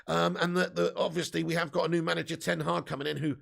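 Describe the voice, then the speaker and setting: A man hosting a live football fan stream, chatting to viewers and reading their messages with excitable, sweary banter. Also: fairly high pitch, fast talker. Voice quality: gravelly. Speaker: football fan channel host. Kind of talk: live-stream chat reading super chats.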